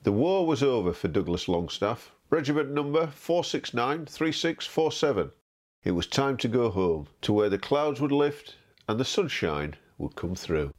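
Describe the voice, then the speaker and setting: A man giving scripted documentary narration in a measured, expressive way. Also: mid-range voice.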